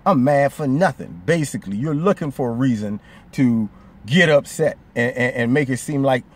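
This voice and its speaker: A man's voice: mid-range voice, expressive, normal speed. A man giving his opinion in a vlog, conversational and emphatic. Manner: conversational, emphatic, slips into quoted voices. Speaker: vlogger. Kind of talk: opinion commentary.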